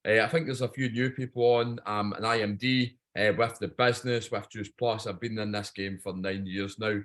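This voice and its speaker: A man's voice: on the low side, steady tone, moderate pace, fairly bright tone. A Scottish man giving a blunt, jokey, swearing pep talk on a video training call. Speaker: guest speaker on a training call.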